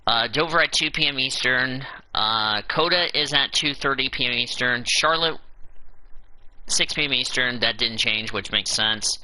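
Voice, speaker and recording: A man hosts a casual talk show, running down a list and tossing in fed-up remarks. His voice is very bright and sharp. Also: medium pitch, measured pace, no echo, poor audio. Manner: reads out a schedule with exasperated asides. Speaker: show host. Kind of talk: casual podcast commentary.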